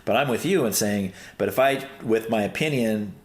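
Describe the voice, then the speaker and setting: A man hosting a casual podcast discussion, talking in an animated, storytelling way. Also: lowish voice, normal speed. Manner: animated storyteller, acts out quoted people. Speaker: podcast host. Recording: roomy echo.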